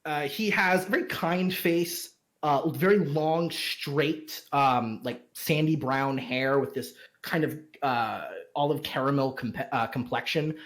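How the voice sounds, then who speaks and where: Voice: medium pitch, takes it slowly, few pauses. A game master narrating a tabletop game, rambling with many fillers and restarts.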